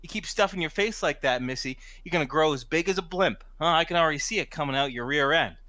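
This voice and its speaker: A man's voice: a little high, fast talker, sharp tone, no echo. Guy doing a puffed-up blustering working-class dude, street-tough, picks fights. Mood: taunting. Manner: brash, confrontational, street-tough.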